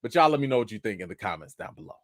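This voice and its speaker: A man hosting a casual live-stream chat, speaking, breaking into excited exclamations and reading viewer comments aloud. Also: fairly low pitch, very fast, no room sound, studio quality. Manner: animated, preacher-like exclamations. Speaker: host of a live chat show.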